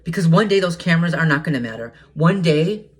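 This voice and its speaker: A man's voice: fairly high pitch, lively intonation, fast talker. A man talking to camera in a casual monologue, agitated and hesitant, stumbling over restarts and repeated words and swearing heatedly. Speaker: vlogger.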